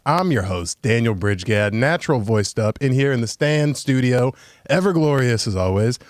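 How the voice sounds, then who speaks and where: Man, podcast host, casual crude banter, mid pitch, dry close mic. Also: expressive, moderate pace, no echo. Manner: jokey, rambling, swears freely. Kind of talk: casual comedic chat. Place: small studio.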